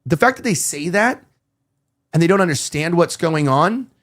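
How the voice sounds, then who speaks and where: A man's voice: fairly high pitch, animated, moderate pace, fairly bright tone. A male podcast host in casual chat, rambling as he tells stories and acts out quoted dialogue.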